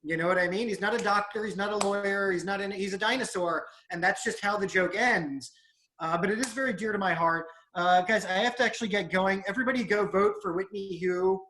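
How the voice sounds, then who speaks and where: A man's voice: sits high, brisk, bright, forceful tone, a little hiss or hum. Man, stand-up comedian, rambling self-mocking delivery, video call.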